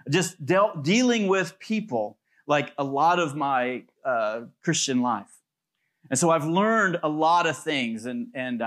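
A pastor preaching a sermon in a loose, conversational way, telling stories with plenty of fillers. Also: male voice, fairly high pitch, fairly bright tone. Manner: conversational storytelling with many fillers.

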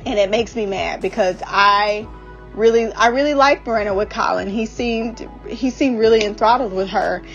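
A woman's voice: medium pitch, normal speed, highs cut off, faint music behind. Blunt, ranting woman. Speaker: podcast host recapping a TV series. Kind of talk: casual opinionated recap.

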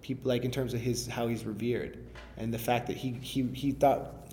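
A man's voice: medium pitch, steady tone, brisk, gravelly, dark tone. A man, a rapper, talking casually in an interview, rambling and restarting often with enthusiasm.

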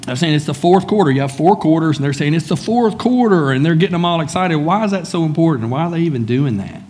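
A man's voice: on the high side, expressive, fast, darkish tone, slight background noise. A man preaching a sermon in a church, speaking conversationally and calling on listeners by name. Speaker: pastor.

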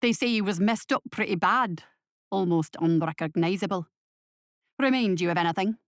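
A woman's voice: medium pitch, normal speed, no echo, studio quality, lightly acted. A woman reading the part of a blunt, wary Scottish man in an audio story, with a Scottish accent. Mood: suspicious. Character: Scottish man, gruff suspicious partner.

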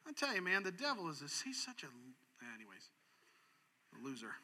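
Male pastor, high voice, animated sermon delivery with sharp dynamics. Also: a little fast. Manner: animated, swings from loud to hushed.

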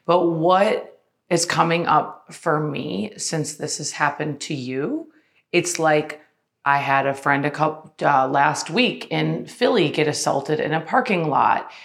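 Woman podcast host, low voice, supportive, casual. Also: slow pace, creaky. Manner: supportive, frequent short affirmations.

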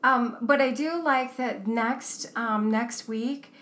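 A woman's voice: fairly high pitch, steady tone, takes it slowly, fairly bright tone, a little hiss or hum. A woman co-hosting a podcast, chatting casually and recapping a TV cooking show, with many fillers and restarts. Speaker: podcast co-host.

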